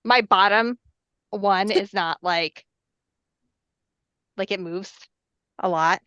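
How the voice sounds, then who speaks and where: A woman's voice: medium pitch, slow, a bit bright, smooth, no echo, dull audio. A woman in casual chat, talking with lots of "like" and fillers. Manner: chatty, many fillers and "like". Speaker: guest.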